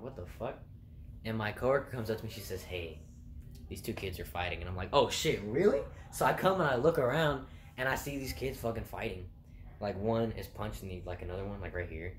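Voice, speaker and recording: A man's voice: lowish voice, a little fast. Laughing young man, echoey room. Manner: laughs often, rambling with fillers and swearing. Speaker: vlogger telling work stories. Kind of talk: casual storytelling. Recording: echoey room with faint noise.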